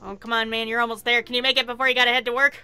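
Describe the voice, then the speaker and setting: A woman chatting casually while playing a video game, excitable and quick to swear and laugh. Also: fairly high pitch, clean tone, no room sound. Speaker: game streamer. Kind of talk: casual gameplay commentary.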